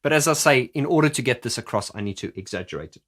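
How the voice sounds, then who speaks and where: A man's voice: mid-range voice, lively intonation, fast talker, fairly bright tone. A middle-aged man explaining singing technique as a vocal coach in a chatty video, often stumbling over restarts.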